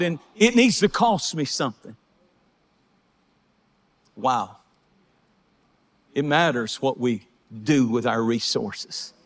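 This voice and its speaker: A man preaching a fervent sermon, swinging between shouted praise and hushed storytelling. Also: high voice. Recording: hall reverb.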